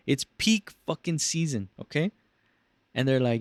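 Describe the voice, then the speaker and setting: A man's voice: mid-range voice, moderate pace, dry recording. A young man telling a story on his podcast, swearing freely and acting out angry callers in raised voices. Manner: profane, animated, acts out callers in raised voices. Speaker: podcast host. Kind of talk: casual storytelling chat.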